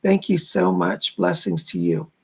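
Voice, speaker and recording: Gravelly male psychic medium. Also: sits low, wildly swooping pitch, unhurried. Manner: reads viewer comments aloud and relays spirit messages; informal, repeats "I gotta tell you". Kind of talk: live-stream psychic readings.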